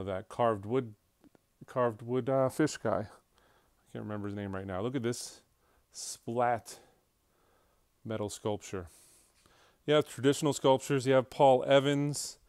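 A man's voice: mid-range voice, darkish tone, clean tone, no echo, clean studio sound. Man giving a chatty showroom walkthrough. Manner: chatty, enthusiastic, many fillers and restarts. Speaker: auction house staff giving a walkthrough. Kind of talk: casual walkthrough narration. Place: indoors in a large auction showroom.

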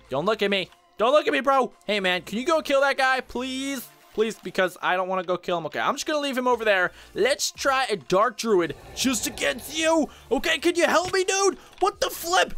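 A young man giving excited, exclamatory commentary while playing and showcasing a game mod, chatting to his viewers. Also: sits high. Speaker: gaming YouTuber. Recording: faint background music.

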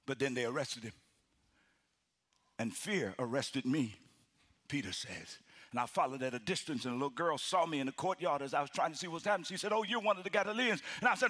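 High-pitched husky pastor telling a story. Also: male voice, a little fast. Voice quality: husky, animated delivery with acted-out voices. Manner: swings from loud shouted lines to hushed near-whispers. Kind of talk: storytelling sermon.

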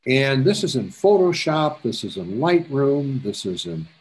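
Chatty man with a lively pitch. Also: unhurried. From Canada. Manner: chatty, repeats himself, jokey asides. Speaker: photography instructor. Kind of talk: step-by-step tutorial. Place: presentation to a camera club.

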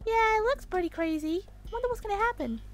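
Brief: a woman as a tiny-voiced excitable cartoon critter, very high and bouncy, game music behind. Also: quick pace. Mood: excited. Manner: excitable, shrieks when losing. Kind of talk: fan voice role-play over gameplay.

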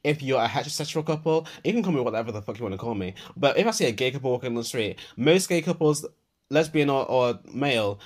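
A man's voice: mid-range voice, animated, fast. A young man, hosting a podcast in an unscripted voicenote monologue, swearing freely and rambling through a rant full of fillers. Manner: profane, meandering rant with many fillers. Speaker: podcast host.

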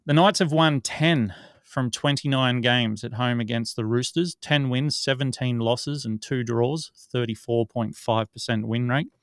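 A man's voice: mid-range voice, measured pace, no room sound, studio quality. A man co-hosting a casual sports podcast, rattling off stats and joking about himself. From Australia. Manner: chatty, rattles off stats, self-mocking. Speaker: podcast co-host.

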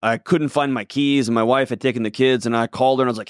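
Casual: middle-aged man on a podcast, animated storyteller, swings loud to soft, mid pitch, dry close mic. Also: fast, no echo. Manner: emphatic, swings between loud excited and soft low tones. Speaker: guest mental health expert.

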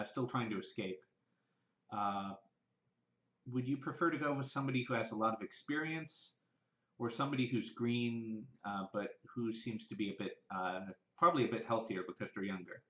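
A man from the American South with a Southern accent, musing aloud in a casual vlog and rambling through restarts and fillers. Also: mid-range voice. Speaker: vlogger. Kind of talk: casual thinking-aloud monologue. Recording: roomy and dull, lo-fi.

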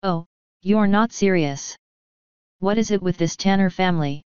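A weary, officious male technician, read by a woman in a low, smooth voice. He sounds exasperated and guarded. The sound is dry and a little dull. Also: normal speed, darkish tone, no room sound, close to an everyday voice. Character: tired, wary lab technician, male. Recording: slightly dull, lo-fi.

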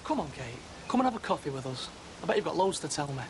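Brief: a wheedling, pushy man coaxing someone back, lively pitch, noisy TV drama audio. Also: fast. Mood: insistent. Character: smooth, pushy man luring back a lost friend. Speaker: persuasive former associate.

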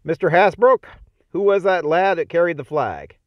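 A man's voice: a little high, lively intonation, moderate pace, no echo, highs cut off, pitched above the performer's own voice, close to an everyday voice. A man reading as an approving army colonel. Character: praising regimental colonel, man.

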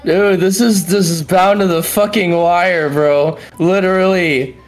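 A tournament commentator calls a fighting game with excited play-by-play, exploding into yells, swearing, and constant exclamations at the big moments. Between outbursts he settles into calmer, rapid breakdowns of the action. His pitch is medium, with faint music in the background.

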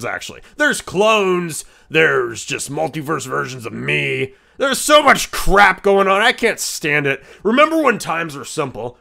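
Knuckles, a man doing a gravelly brash echidna. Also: medium pitch, heavily acted. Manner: rambling, stammering, crude, quick to yell. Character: brash hot-headed male echidna, rambling and crude. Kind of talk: live-stream role-play chat.

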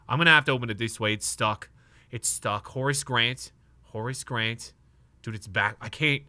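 A young man live streaming from a desk mic, talking to his chat in a keyed-up, nervous rush with the odd curse. His voice is lowish but bright and forceful. The sound is dry and close. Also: moderate pace, no echo. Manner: excitable, nervous, talks to chat, swears. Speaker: streamer opening trading card packs.

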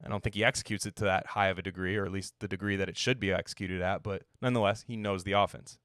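A young man talks football in a loose, rambling, sarcastic way, cursing now and then. His voice sits a bit low. The recording is dry and close, with no room sound. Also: fairly even intonation, racing, a bit bright, dry recording. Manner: rambling and sarcastic, swears casually. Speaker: sports podcast host. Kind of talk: casual sports talk.

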